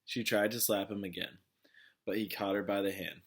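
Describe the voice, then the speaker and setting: Man, low voice, casual read-aloud, small slips and restarts. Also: steady tone, moderate pace, slight background noise. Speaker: reader of a novel.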